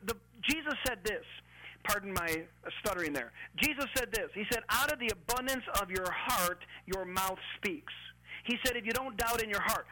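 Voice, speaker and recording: A man preaching a radio sermon, fervent and emphatic, rising to loud peaks as he drives each point home. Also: extremely high pitch, low-quality recording. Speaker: pastor.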